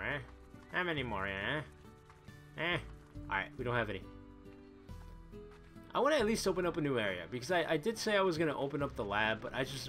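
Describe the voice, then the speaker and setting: A man doing excitable, chatty commentary as he plays a video game, thinking aloud and exclaiming often. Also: medium pitch. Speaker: let's play gamer. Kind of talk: live gaming commentary. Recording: voice over loud game music. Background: game music.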